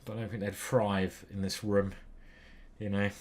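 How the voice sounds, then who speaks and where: A man commentating on his own online chess game as he plays, muttering to himself, swearing and getting excited. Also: on the low side, normal speed. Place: small stuffy room.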